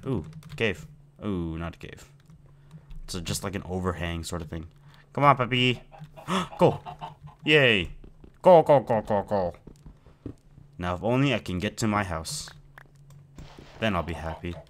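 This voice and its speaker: A man's voice: low-pitched, expressive, moderate pace, pauses often, fairly bright tone, a little hiss or hum. A man giving rambling, playful commentary while playing a video game and chatting to his in-game pet. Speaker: gameplay video host. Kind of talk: casual let's-play commentary.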